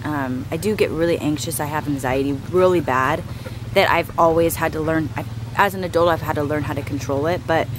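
A woman's voice: low voice, fairly even intonation, brisk, background noise. A young adult woman vlogging casually to camera while sick, chatting straight to her viewers. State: sick, congested. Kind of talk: casual vlog talk to camera.

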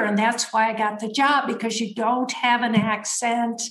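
A woman's voice: on the high side, normal speed, hardly any pauses, a bit bright, roomy sound. A woman in her seventies with a slightly scratchy voice, telling her story in a reflective way as an interview guest. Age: 70s. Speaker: guest, author. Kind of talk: conversational storytelling.

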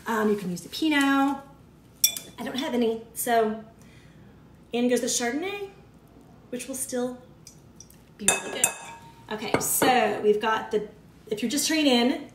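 A woman's voice: a little high, unhurried, pauses often, slight background noise. A woman hosting a cooking show, chatting casually with viewers as she talks them through each step. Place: home kitchen. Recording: echoey kitchen, mic at a distance, clattering dishes.

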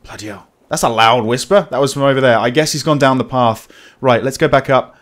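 A man's voice: medium pitch, a little fast. A man giving casual, wry commentary while playing a game. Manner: wry, jokey asides. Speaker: let's-play gamer.

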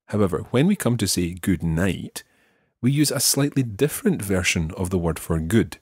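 A man's voice: sits low, animated, a little mellow, slightly rough, no echo, clean studio sound. Patient Scottish man teaching pronunciation. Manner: patient, slow, careful modelling of pronunciation. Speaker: French teacher. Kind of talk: podcast language lesson.

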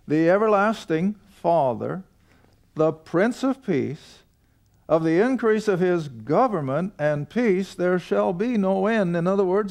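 Before a studio audience, an older man with a high, slightly mellow voice teaches a seated Bible study class. Reading verses aloud, he turns to listeners with folksy questions.

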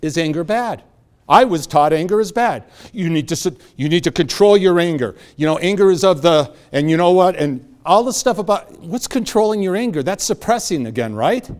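A man's voice: high voice, normal speed. Middle-aged guy doing a motivational speech, lots of swing in his voice, acts out every character. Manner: animated storyteller acting out voices. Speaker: motivational speaker. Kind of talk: motivational talk to an audience. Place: event hall.

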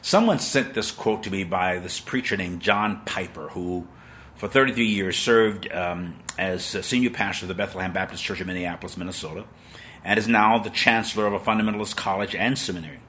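A man's voice: sits low, brisk, bright, forceful tone, a little hiss or hum. A man in his sixties preaching a sermon on a live stream, emphatic and dramatic, with plays on words. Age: 60s.

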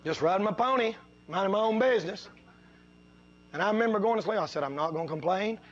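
A man preaching a sermon, telling folksy stories and swinging between low, quiet asides and loud, drawn-out preaching. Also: dull audio. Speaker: pastor.

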